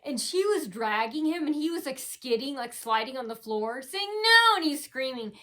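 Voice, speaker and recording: Woman rambling thru a vlog story, lots of um and uh, high voice, keeps trailing off. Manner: halting, lots of fillers and restarts, trails off quietly. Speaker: vlogger. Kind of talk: rambling personal account.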